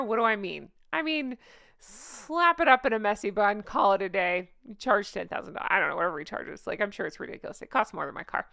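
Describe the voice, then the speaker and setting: A young woman hosting a gossip commentary show, talking casually and sarcastically with frequent giggles. Her bright voice swings through a wide, lively pitch range. The sound is dry and close. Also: fairly quick, creaky, dry recording. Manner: sarcastic, giggly, rambling asides. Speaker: commentary channel host.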